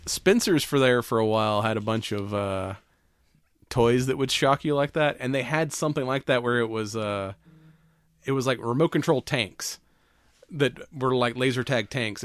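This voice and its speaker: A man's voice: mid-range voice, moderate pace, a bit bright, dry recording, studio quality. A man co-hosting a podcast, casually recapping a holiday movie with plenty of swearing and laughter. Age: adult, has kids. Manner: retells scenes with quoted character lines, swears freely, laughs often. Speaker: podcast co-host.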